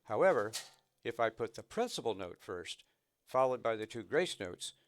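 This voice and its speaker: Teaching snare drum, this man explains things patiently and counts the rhythms out loud in between playing examples. He speaks at medium pitch in a sing-song way, at a moderate pace.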